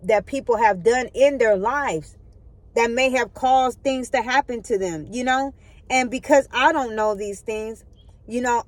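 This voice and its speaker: A woman's voice: fairly high pitch, dry recording. Woman, spiritual vlogger on her phone; earnest, preachy, checks in with viewers a lot. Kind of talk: spiritual motivational talk.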